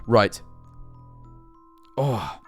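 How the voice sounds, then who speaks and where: A man's voice: lowish voice, big pitch swings, fairly bright tone, soft background music. A man chatting casually on his livestream, rambling and swearing freely as he reads chat and jumps between topics. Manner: rambling, sweary, jumpy and quick to laugh. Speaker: streamer.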